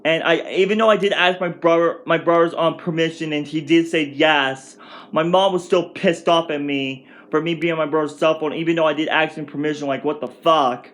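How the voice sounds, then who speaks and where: Twenty-something guy ranting casually at home, kinda high voice, rambly and worked up. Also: fairly quick. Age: 20s. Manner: rambling, excitable, many restarts. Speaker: vlogger. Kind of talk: casual storytime rant.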